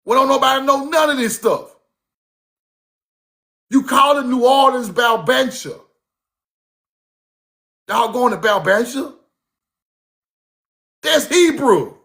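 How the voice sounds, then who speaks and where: A man with a high-pitched voice tells stories in a loose, casual monologue. He swears freely and circles back over the same points to drive them home. His delivery is animated and conversational. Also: takes it slowly, pauses often. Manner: animated, profane, repeats himself for emphasis. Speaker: speaker recounting his grandmother's teachings.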